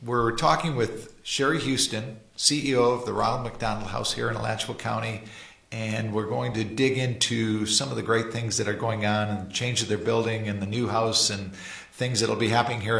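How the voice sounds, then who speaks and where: Gravelly male talk show host. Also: fairly low pitch, steady tone, moderate pace, a bit bright, roomy sound. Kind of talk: casual interview chat.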